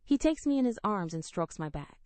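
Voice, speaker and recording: A woman narrating a first-person romance story with an emotional, expressive delivery. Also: mid-range voice, brisk, no room sound. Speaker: audiobook narrator.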